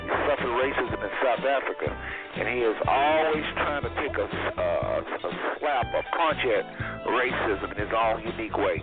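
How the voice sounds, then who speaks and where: A male radio host speaking in a relaxed, conversational way and opening phone lines to callers. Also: medium pitch, normal speed. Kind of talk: call-in radio show. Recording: tinny phone-like audio with music.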